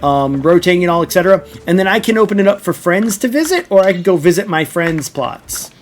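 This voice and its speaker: A man's voice: sits high, expressive, fairly quick, a little hiss or hum. A man streaming a video game, explaining it in casual, rambling commentary full of fillers and "right?" check-ins.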